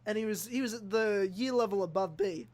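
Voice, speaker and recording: A young man from Australia, hosting a casual podcast and telling an animated story full of acted-out quotes and swearing. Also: sits high, fairly quick. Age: young adult. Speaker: podcast host. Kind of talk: casual chat.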